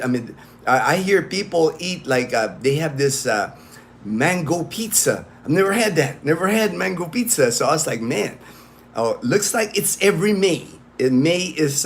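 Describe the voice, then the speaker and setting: A man's voice: medium pitch, slight background noise. A man hosting a casual livestream, rambling with many fillers and restarts as he greets viewers by name. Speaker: livestream host.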